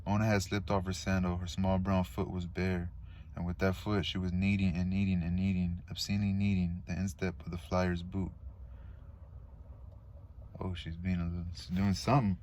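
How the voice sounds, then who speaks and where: A man's voice: low-pitched, little pitch movement, moderate pace, darkish tone, a little hiss or hum. A man reading a novel aloud in a casual, unpolished way, stumbling on words and adding asides.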